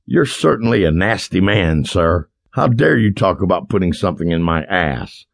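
A man voicing a playful man who mimics a prim lady in a high, twittering falsetto. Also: expressive, normal speed, creaky, no echo, exaggerated voice. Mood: campy.

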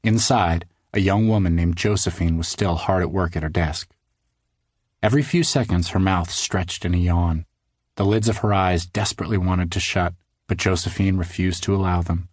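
A man narrating a children's audiobook in a studio, measured storytelling that slows for suspense. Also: sits low, a little mellow, dry recording. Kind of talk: scripted narration of a children's book.

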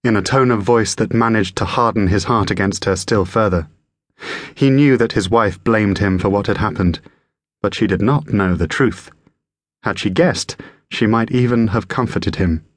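A man reading a thriller audiobook aloud in a measured, even storytelling manner. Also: lowish voice, no echo, studio quality. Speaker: audiobook narrator. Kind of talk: scripted narration.

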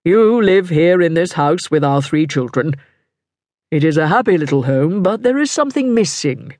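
A woman doing a suave, unhurried cardinal. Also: low-pitched, expressive, darkish tone, no echo, clean studio sound. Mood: smooth, commanding. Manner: smooth, slow and condescending. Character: suave, self-assured middle-aged male cardinal.

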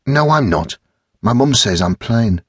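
A man's voice: mid-range voice, animated, a little slow, slightly rough, dry recording, studio quality, pitched above the performer's own voice. A man voicing a timid teenage girl. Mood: shy.

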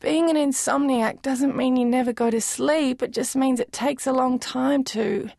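A woman's voice: sits high, fairly even intonation, normal speed, creaky, a little mellow, no room sound, clean studio sound. A woman voicing a sleepy, blunt teenage girl talking to her best friend, weary and straightforward.

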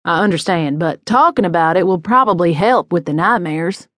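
A woman narrator voicing a calm adult male police detective who presses gently and sounds sympathetic. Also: fairly low pitch, normal speed, no echo, clean studio sound. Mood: persistent.

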